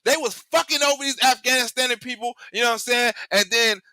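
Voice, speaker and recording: A male host giving rambling, profane political commentary in an animated way, cursing heavily. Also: extremely high pitch, fast, no room sound.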